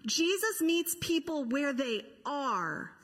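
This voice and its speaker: A woman's voice: high voice, expressive, slow, long reverb tail. A woman pastor preaching a sermon to her church, impassioned and rhetorical, with acted-out quotes.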